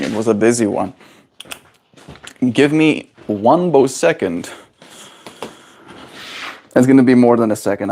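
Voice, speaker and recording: A man's voice: mid-range voice, vocal fry, darkish tone, a little hiss or hum. A man streaming live, musing in a casual way and answering his chat's questions. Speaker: daily livestreamer. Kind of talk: casual livestream chat with viewers.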